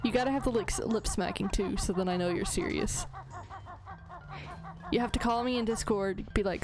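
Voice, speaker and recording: A woman's voice: medium pitch, normal speed, long pauses. A woman streaming a game, chatting casually and playfully teasing, laughing often, with game music behind her. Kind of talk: casual live-stream chat.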